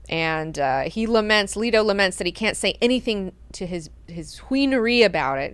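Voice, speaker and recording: A woman hosting a book club, casually recapping chapters in an animated, profane, chatty way. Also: medium pitch, moderate pace, hardly any pauses, smooth, no echo.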